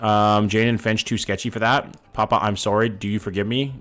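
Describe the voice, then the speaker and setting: Fairly low in pitch and fairly even in intonation, this man's bright-toned voice moves fairly quickly over faint music. The Vancouver streamer, in his thirties, reads chat, guesses locations, and swears casually.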